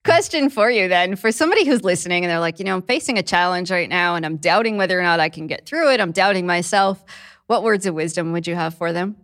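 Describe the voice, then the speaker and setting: A woman hosting an interview, asking measured, supportive questions. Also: on the low side, fairly bright tone, no echo, studio quality. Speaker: podcast host.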